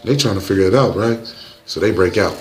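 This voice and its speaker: A man's voice: sits low, fairly quick, darkish tone, faint music behind. A young man narrating a movie recap in loose, slangy, joking storytelling.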